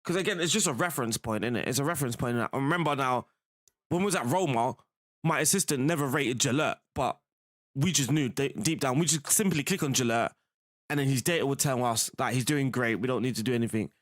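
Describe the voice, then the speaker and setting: A man's voice: mid-range voice, fast, no room sound, clean studio sound. A young man, chatting casually while playing a football management game, laughing often and calling the viewer "bro". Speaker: gaming streamer.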